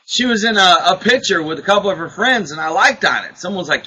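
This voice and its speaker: A man hosting a podcast, telling a story in a casual, excitable way, acting out what people said and laughing often. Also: sits high, quick pace, husky, low-quality recording. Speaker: podcast host. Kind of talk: casual chat, animated storytelling.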